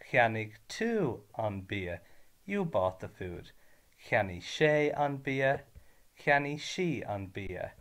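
A man with an Irish accent teaching a revision lesson, patient and spelling words out syllable by syllable. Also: lowish voice.

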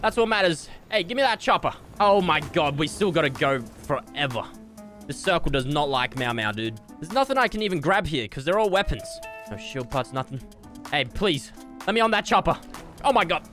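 A young man giving jokey, excitable gameplay commentary with sudden yelps. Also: fairly high pitch, a little fast, soft background music. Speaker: gaming YouTuber.

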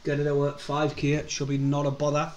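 A man's voice: on the high side, completely flat delivery, moderate pace. A man with a North East English accent, chatting casually on a football live stream, reactive and sweary. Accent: North East England. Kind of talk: casual live match chat.

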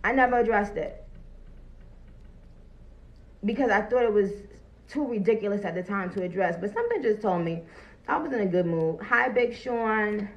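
A woman's voice: medium pitch, expressive, moderate pace, pauses often, highs cut off. A woman chatting bluntly and profanely on a phone livestream, greeting viewers as she talks. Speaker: livestream host. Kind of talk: casual livestream chat. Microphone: phone camera.

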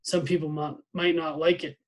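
A man teacher reading a novel aloud to his class, steady with small slips and restarts. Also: a little high, moderate pace, rough recording.

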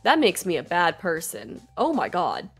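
A woman streaming a video game, giving casual, excitable commentary with a lot of swearing and laughter. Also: fairly low pitch, moderate pace, husky, faint music behind.

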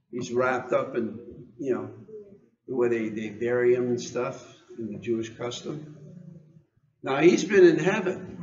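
A man's voice: medium pitch, reverberant, lo-fi sound. An American man preaching an informal sermon, reading scripture and asking the congregation questions, often repeating words as he goes.

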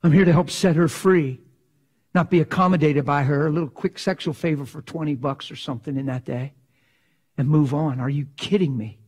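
A male pastor preaching an impassioned sermon in a folksy way, dropping from loud cries to hushed whispers. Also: on the high side, steady tone, a little fast. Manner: folksy, drops into slang like "ain't".

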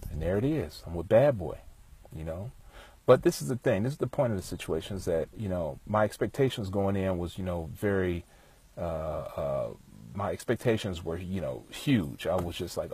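A man talking outdoors in a relaxed, rambling way, passing on music industry advice full of fillers. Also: on the low side, normal speed, slightly rough. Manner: laid-back, rambling, many fillers. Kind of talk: casual storytelling monologue. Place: outdoors, with bees around.

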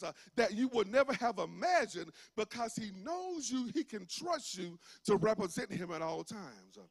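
A pastor from Georgia with a Southern accent, preaching a fervent sermon that swings from shouts into a sing-song cadence, with many "uh" fillers. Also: male voice, sits high. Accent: Southern US (rural Georgia). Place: church sanctuary.

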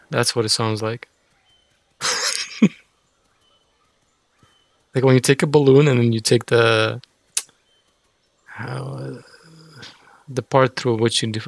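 A man with a gravelly, creaky voice talks through a video game as he plays. He rambles, grumbles when things annoy him, and pokes fun at himself. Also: medium pitch, steady tone, measured pace, pauses often, no room sound. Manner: frustrated, rambling, self-mocking. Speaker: gaming streamer. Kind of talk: casual gameplay commentary.

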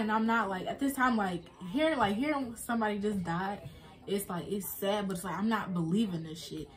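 A young woman vlogger speaks. She retells a hard personal story in a loose, casual way, with many fillers and restarts. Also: mid-range voice.

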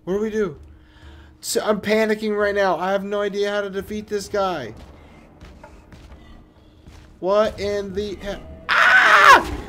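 Excitable high-voiced gaming guy. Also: a little slow, pauses often, slight background noise. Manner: excitable, swears, jokes at the screen. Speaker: gaming commentator. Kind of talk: let's play commentary. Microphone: new desk mic with webcam.

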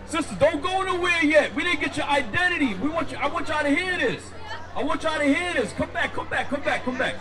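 Shouting street preacher, high lively voice. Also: male voice, fairly quick. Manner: loud, confrontational questioning. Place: outdoors on a city street. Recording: distant mic with street crowd noise.

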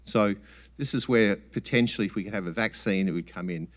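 A man giving a relaxed, plain-spoken scientific talk at a summit, with frequent ums and restarts. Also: fairly low pitch, a little fast. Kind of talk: conference talk with slides.

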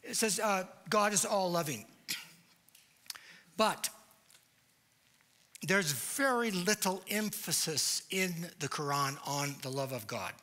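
Man lecturing at church, emphatic and deliberate, slightly high voice, unhurried delivery. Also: animated, bright, forceful tone. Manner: deliberate, emphatic, asks rhetorical questions.

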